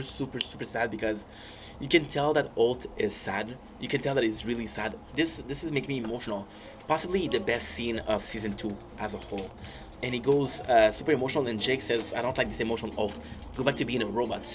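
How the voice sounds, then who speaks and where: A man recapping TV episodes in casual, excitable talk, gushing with lots of fillers and restarts. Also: medium pitch. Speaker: host reacting to a TV series. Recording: dull lo-fi sound with clear background noise.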